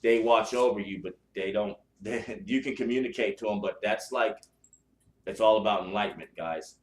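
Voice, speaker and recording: A man's voice: on the low side, normal speed. A man hosting a spiritual podcast, talking bluntly and profanely in a casual chat style, with lots of restarts. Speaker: podcast host. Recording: echoey room.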